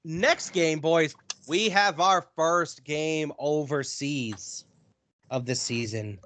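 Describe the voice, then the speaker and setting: A man's voice: a little high, slow pace, slight background noise. A man co-hosting a casual sports podcast, leading the game picks and swearing casually. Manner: animated, swears casually, runs through games. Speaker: podcast co-host running the picks.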